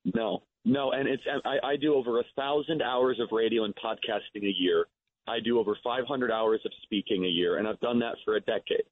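Earnest male guest calling in, husky voice on a tinny phone line. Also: on the low side, a little fast. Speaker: guest, activist. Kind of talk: radio interview.

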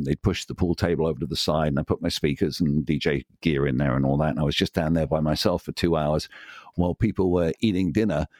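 A man's voice: low-pitched, darkish tone, no room sound, studio quality. An enthusiastic man in his sixties with an English accent, a DJ telling long stories as an interview guest and acting out the voices he quotes. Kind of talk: anecdotal interview storytelling.

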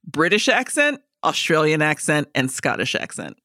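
A woman's voice: deep voice, big pitch swings, normal speed, bright, forceful tone, dry recording, studio quality. A woman co-hosting a podcast, chatting casually and frankly, with some swearing. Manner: frank and profane, reads listener emails aloud. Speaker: podcast co-host. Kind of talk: casual chat.

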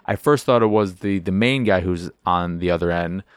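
Low-voiced man in rambling game chat. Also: moderate pace, clean tone, no echo, studio quality. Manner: rambling and profane, acts out scenes. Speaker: podcast host. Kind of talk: casual video game chat.

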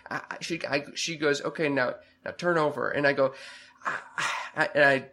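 A young man telling a story on a casual podcast chat, halting and stammering with many restarts. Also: a little high, fairly even intonation, pushed and bright. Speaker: podcast co-host.

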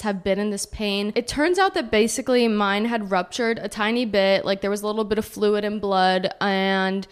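Smooth-voiced young woman telling a story. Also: mid-range voice. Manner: chatty, heavy use of "like". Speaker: podcast host. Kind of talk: casual storytelling.

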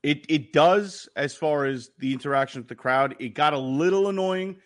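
A man co-hosting a sports podcast, telling profane, animated stories in casual chat. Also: fairly high pitch, normal speed. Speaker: podcast co-host.

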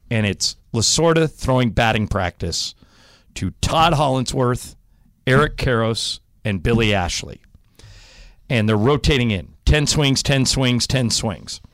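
Animated male radio host telling stories. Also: on the low side, dry recording, clean studio sound. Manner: animated, laughing storyteller. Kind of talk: casual chat, storytelling.

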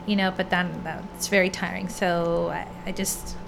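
Chatty mom with background noise. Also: female voice, lowish voice, flat delivery, measured pace, creaky. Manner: chatty, laughs easily. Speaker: mother of two. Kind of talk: casual group chat.

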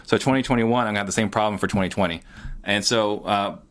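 A fast-talking middle-aged man with a fairly low, fairly bright voice is interviewed as a guest about his work as a real estate entrepreneur. His talk is casual, earnest and plain, peppered with "you know."

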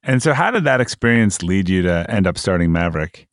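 A male podcast host with a fairly low voice asks his guest brisk, conversational questions. His voice sounds dry and close to the mic. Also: big pitch swings, no room sound. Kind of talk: interview questions and ad read.

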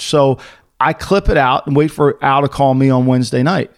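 A middle-aged man co-hosting a casual sports talk show, telling lively anecdotes and acting out the people in them. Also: medium pitch, brisk. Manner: animated anecdote-teller, acting out quoted voices. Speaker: podcast co-host, former NFL executive. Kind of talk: casual storytelling chat.

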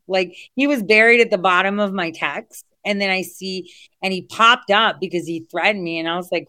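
A woman's voice: medium pitch, normal speed, pushed and bright, no room sound. A woman talking casually to her online audience, blunt and profane, digressing and laughing as she goes. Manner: blunt, swears freely, digresses and laughs mid-rant. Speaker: online political commentator.

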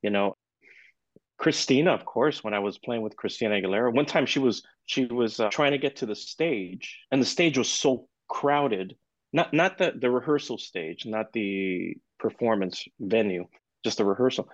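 A man's voice: medium pitch, moderate pace, dry recording. A man chats as a podcast guest, telling one story after another in a casual, swearing way, leaning on "you know". His voice sits in an ordinary middle range. The recording sounds dull and lo-fi, very dry. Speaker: guest percussionist.

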